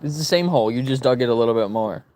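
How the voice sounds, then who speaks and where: A man filming on his phone outdoors in a yard, talking to rescue dogs. He swears casually and often slips into high, sing-song baby talk. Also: expressive, fast talker, darkish tone. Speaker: vlogger at a dog rescue. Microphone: phone camera held in hand.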